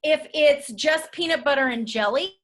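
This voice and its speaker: Woman, drama teacher, chatty, animated, fairly high voice, video call mic. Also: normal speed. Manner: animated, chatty, many fillers. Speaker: drama teacher leading a workshop.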